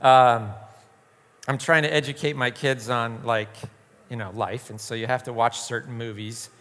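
A man's voice: mid-range voice, fairly even intonation, normal speed, fairly bright tone, in a large hall. A man leading an informal youth group talk, a joking storyteller who acts out quoted voices.

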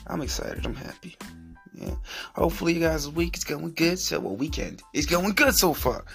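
A man's voice: on the high side, very animated, normal speed, gravelly, a bit bright, faint music behind. A man hosting a solo podcast, ranting in a profane, rambling way and repeating himself. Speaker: podcast host.

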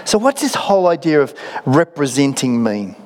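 A man's voice: fairly high pitch, very animated, moderate pace, a little mellow. A middle-aged Australian man preaching a sermon as a pastor, telling stories conversationally with self-deprecating humour. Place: church auditorium. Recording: long reverb of a large hall.

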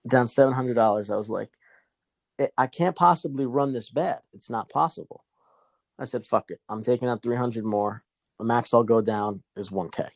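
A man's voice: mid-range voice, moderate pace, dry recording. A young man casually telling a long, profane gambling story to a friend.

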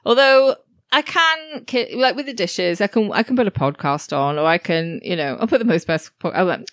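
Chatty woman, lively voice. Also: medium pitch, brisk, no echo, studio quality. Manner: chatty, laughs often, animated storytelling. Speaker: podcast co-host. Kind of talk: casual chat.

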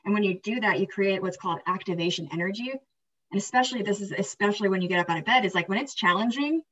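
A woman co-hosting a podcast gives an upbeat, rambling pep talk, checking in with "right?" as she goes. Her voice sits at an ordinary pitch for a woman. The sound is a little far from the mic and somewhat dull and lo-fi. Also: fast talker, slightly rough. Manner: energetic, rambling, peppered with "right?" and "like". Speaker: podcast co-host. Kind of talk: casual motivational chat. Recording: slightly distant, dull lo-fi sound.

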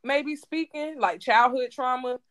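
A woman co-hosting a casual podcast chat, thoughtful and animated, often laughing. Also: high voice, measured pace. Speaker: podcast co-host.

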